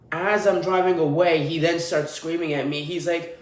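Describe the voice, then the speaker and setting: A man with a somewhat high voice rants through his podcast, irritated and swearing freely. The room around him gives his voice a noticeable echo. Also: steady tone, normal speed. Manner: irritated, profane, ranting. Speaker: podcast host. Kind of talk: solo podcast rant. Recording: roomy echo.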